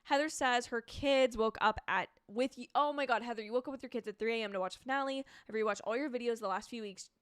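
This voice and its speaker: A young woman hosting a live reaction stream, chatting about a TV show and reading out viewer comments in an excitable, chaotic, gushing way. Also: on the high side, fast, few pauses, clear, resonant tone, dry recording, clean studio sound.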